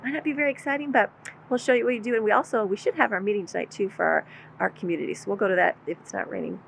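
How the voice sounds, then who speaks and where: A woman's voice: rapid-fire, vocal fry, a little hiss or hum, poor audio. A woman vlogger and homeschooling mom chatting casually and rambling about her day at home, partly out on her deck. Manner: chatty, rambling, talks to pets in a high voice. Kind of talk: casual day-in-the-life chat.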